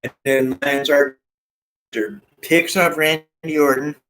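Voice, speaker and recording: A man vlogging in a rambling, excitable monologue, with some swearing. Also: a little high, slow pace, rough recording. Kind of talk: casual monologue.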